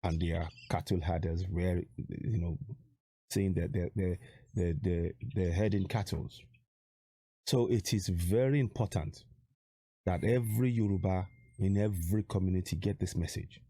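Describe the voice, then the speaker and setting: A man's voice: deep voice, a little slow, dark tone, slightly rough, dry recording. A man from Nigeria speaking straight to camera as an activist vlogger, urgent and pressing, repeating rhetorical questions to drive his point home. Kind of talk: direct-to-camera appeal.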